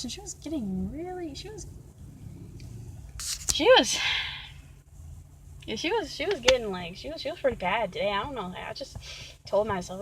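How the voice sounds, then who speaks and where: A woman's voice: on the high side, lively intonation, moderate pace, pauses often, slight background noise, poor audio. A woman venting in a casual vlog rant, rambling and exasperated, often repeating herself. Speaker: vlogger.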